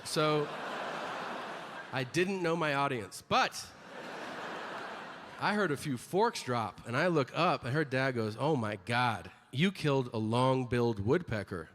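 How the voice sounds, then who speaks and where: Middle-aged guy doing stand-up, deadpan and crude with loud bursts, mid-pitched voice, long hall reverb and a faint hum behind. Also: measured pace. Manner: crude, deadpan storytelling with sudden loud outbursts. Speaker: stand-up comedian. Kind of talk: stand-up routine. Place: comedy stage.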